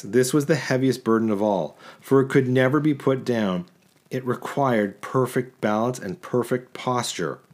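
A man narrating a literary short story in a measured, rhythmic reading. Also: on the low side, a little mellow. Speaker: audiobook narrator.

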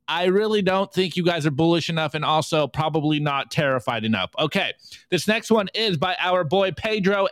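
A man's voice: a little high, fairly bright tone, no room sound. A man co-hosting a live podcast, running a casual meme review and joking as he reads the memes aloud. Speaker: podcast co-host.

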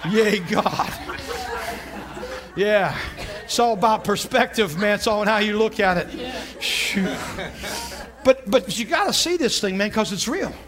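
Male preacher, folksy sermon, very lively swooping high voice, laughs a lot. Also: measured pace, crowd noise. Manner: animated, laughing often, folksy.

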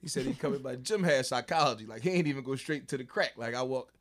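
A man's voice: mid-range voice, fast, a little hiss or hum. A man telling a story in casual chat, loose and rambling, full of fillers, acting out what people said. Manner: loose, drawling storyteller, lots of fillers, acts out quotes.

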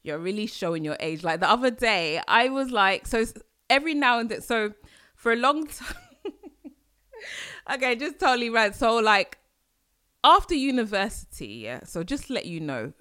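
A woman from London with a London accent, hosting a casual solo podcast, chatty and animated with sudden exclamations. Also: on the high side, normal speed, pauses often. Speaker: podcast host.

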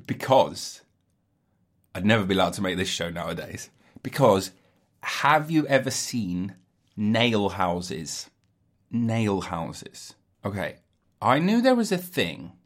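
A man ranting casually to his audience, sarcastic and sweary with mock outrage. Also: medium pitch. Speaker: solo commentator. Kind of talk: rambling sarcastic rant.

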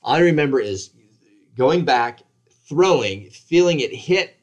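A man in his forties in casual conversation, telling a story about his own injuries in an animated, self-deprecating way and acting out the voices of others. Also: mid-range voice, a little slow, muffled recording.

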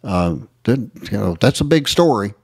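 Man, east texas accent, low voice, rambling with fillers, dry close mic. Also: sing-song, normal speed, darkish tone, breathy edge, no room sound. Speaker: co-host. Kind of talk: casual radio talk.

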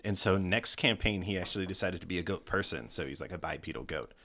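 A man hosting a casual podcast chat, retelling a tabletop game story in an animated way, swearing freely. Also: low voice, fast talker. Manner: animated, swearing, breaks into laughter.

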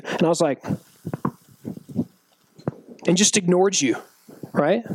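A man's voice: high voice, normal speed, pauses often, slight background noise. A man preaching a sermon to young people as their youth pastor, joking and acting out the people in the story. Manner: animated, joking, acts out quotes.

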